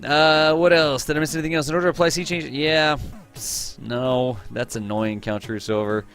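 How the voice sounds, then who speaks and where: A man's voice: on the high side, steady tone, normal speed, a bit bright, faint music behind. A man hosting a live game stream, chatting casually with his viewers, greeting them by name, teasing them and laughing often.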